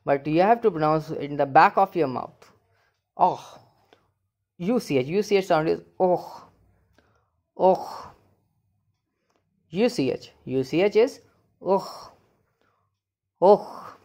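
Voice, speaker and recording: A woman teaching a beginners' language lesson, saying each sound slowly and repeating it, in casual English with many fillers. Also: lowish voice, lively intonation, a little mellow.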